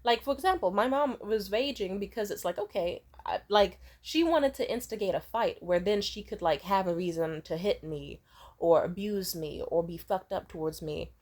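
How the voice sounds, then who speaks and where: A woman's voice: medium pitch, moderate pace, darkish tone. A young woman telling a rambling, profane personal story in a casual vlog. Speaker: vlogger.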